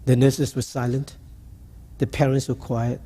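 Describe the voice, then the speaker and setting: A man preaching a sermon, telling a story in a halting, earnest way. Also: mid-range voice, little pitch movement, mellow, breathy edge.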